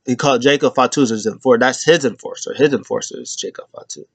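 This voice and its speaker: A man talking loosely through a wrestling recap, his voice sitting in a middle range. He wanders from point to point with plenty of "uh"s and breaks into squeaky, over-the-top quotes. The sound is dry and close, with no room echo. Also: fast, vocal fry, breathy edge. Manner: loose and rambling, many fillers, acts out quotes with sudden high-pitched squeals. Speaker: wrestling show host. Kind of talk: casual recap commentary.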